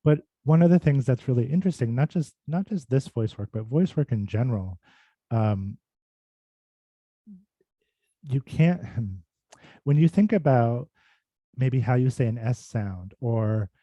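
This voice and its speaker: Dark-voiced man, thoughtful and rambling. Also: medium pitch, lively intonation, unhurried, long pauses, no room sound, highs cut off. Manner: thoughtful, rambling, with many fillers and restarts. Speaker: speech and voice clinician giving a talk. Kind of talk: casual informal presentation.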